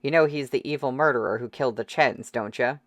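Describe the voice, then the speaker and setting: A reader voicing a crude, jeering man in a crowd who talks in rough slang, in an audiobook. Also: mid-range voice, fast, no room sound, close to an everyday voice. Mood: goading. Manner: sneering, rough slangy talk.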